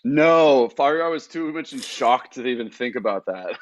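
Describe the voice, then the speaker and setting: A man telling a travel story in casual podcast chat, animated and laughing often. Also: medium pitch, slow pace, no echo. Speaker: guest. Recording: dull, dry lo-fi sound.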